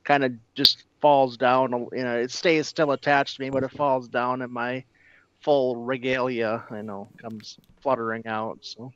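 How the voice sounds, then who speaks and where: A man playing a tabletop game, describing his character's gear haltingly with many pauses. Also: mid-range voice, level tone, a bit bright, smooth, no room sound, highs cut off. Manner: halting, lots of "uh". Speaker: player. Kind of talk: casual tabletop game chat.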